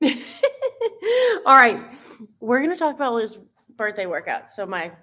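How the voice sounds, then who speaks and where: Woman, live-stream host, emotional and effusive, quick laughs, slightly high voice. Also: expressive, bright, forceful tone. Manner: gushing, exclaims often, laughs between lines. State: teary, emotional. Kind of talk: casual live-stream chat.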